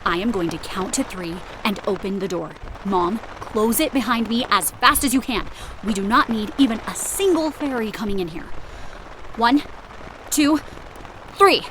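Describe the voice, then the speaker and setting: A woman's voice: mid-range voice, lively intonation, normal speed, noisy background, lightly acted. A woman in a fantasy audio drama giving firm, commanding instructions.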